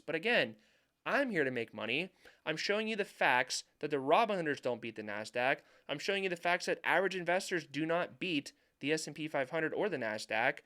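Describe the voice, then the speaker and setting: A man's voice: a little high, fairly bright tone. A young adult man giving market commentary over charts, emphatic and repeating points for stress. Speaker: finance YouTuber.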